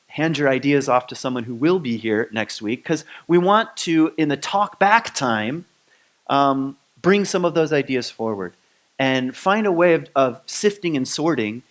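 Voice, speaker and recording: Relaxed rambling man giving a talk. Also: medium pitch. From Grand Rapids, Michigan. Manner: relaxed and rambling, many ums and restarts. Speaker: speaker at a spiritual community. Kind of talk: conversational sermon.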